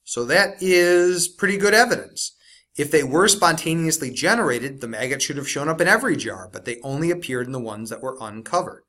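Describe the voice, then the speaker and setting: Guy teacher going over a worksheet, kinda high bright voice, drags out key words. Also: lively intonation. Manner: explains step by step, slows to stress key words. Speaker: science teacher. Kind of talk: recorded classroom lesson walkthrough.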